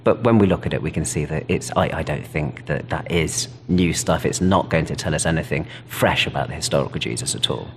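A man's voice: extremely low pitch, a little fast, few pauses, husky, big-room sound. A British man, a Bible scholar, explaining history thoughtfully and enthusiastically in an interview. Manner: thoughtful, enthusiastic, self-correcting. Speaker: New Testament scholar, interview guest.

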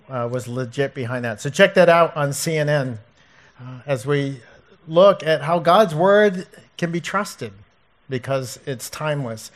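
A man, a pastor, preaching earnestly and emphatically from scripture. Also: fairly high pitch. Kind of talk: sermon.

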